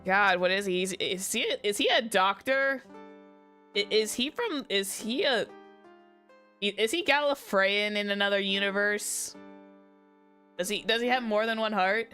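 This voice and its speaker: A woman streamer rambling through a game in casual, jokey chat with the odd swear. Her tone is bright and her pacing unhurried, with faint music underneath. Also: medium pitch. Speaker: VTuber streamer.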